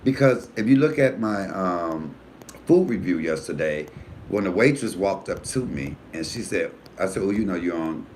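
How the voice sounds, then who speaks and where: A man who is a comedian hosting his own live stream, chatting casually and frankly, with animated storytelling and cussing. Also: normal speed, a little hiss or hum. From United States. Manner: animated storytelling, voice jumping high for quoted friends; profanity-laced, frank. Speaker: comedian and YouTube host.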